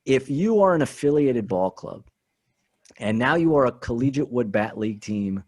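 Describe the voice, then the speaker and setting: A man as a podcast guest, talking in an animated, emphatic way and often repeating his words. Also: medium pitch, moderate pace. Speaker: guest, team spokesman. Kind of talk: casual podcast chat.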